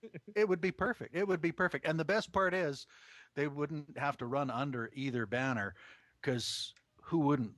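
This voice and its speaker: A man joking around as a panelist in a casual chat, playful and excitable. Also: on the high side, moderate pace, no echo, clean studio sound.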